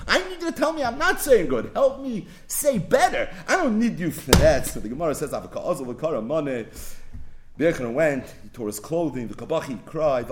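A man teaching a Talmud class, mixing Aramaic and Hebrew terms into English and acting out the rabbis' voices in a sing-song learning cadence. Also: a little high.

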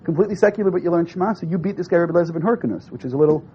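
A man's voice: a little high, racing, a little hiss or hum. A man teaching a classroom text study, reading a source aloud, translating it line by line and firing questions at his students. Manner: questions the class, lively and probing. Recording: dull lo-fi classroom recording.

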